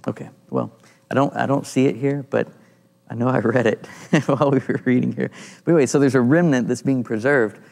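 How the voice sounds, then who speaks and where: A man leading an informal Bible study, thinking aloud and pausing to search for passages as he reads and explains scripture. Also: mid-range voice, steady tone, creaky, darkish tone. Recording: long reverb in a room.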